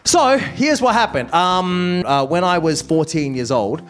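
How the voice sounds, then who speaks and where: A man with an Australian accent, a guest telling stories in a talkative, animated way in a studio interview. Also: high-pitched, a little slow, faint music behind. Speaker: guest, pro wrestler and metal singer. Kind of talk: casual interview chat.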